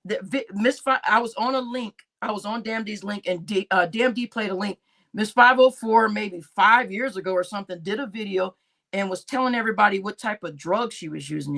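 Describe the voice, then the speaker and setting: A woman's voice: medium pitch, expressive, fairly quick, vocal fry, fairly bright tone. A woman hosting a livestream, ranting angrily and with lots of profanity, repeating herself. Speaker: livestream host. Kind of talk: heated livestream rant.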